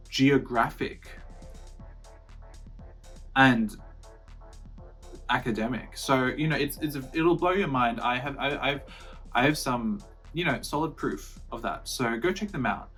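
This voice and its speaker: A young Australian YouTuber and songwriter chats casually to camera in a medium-pitched, slightly bright voice. His vlog talk is playful and rambling, with lots of flustered restarts.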